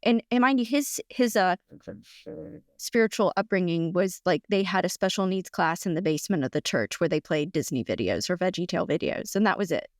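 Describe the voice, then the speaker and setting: A middle-aged woman, a podcast guest, telling a personal story in a chatty, animated way with lots of fillers and restarts. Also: on the low side, brisk, dry recording, clean studio sound. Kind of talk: casual storytelling in conversation.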